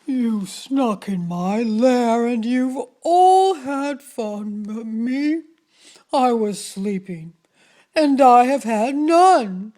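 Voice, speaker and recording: A woman voicing a big grumpy bear in a storybook, complaining loudly. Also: fairly high pitch, expressive, extremely slow. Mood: aggrieved. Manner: loud complaining.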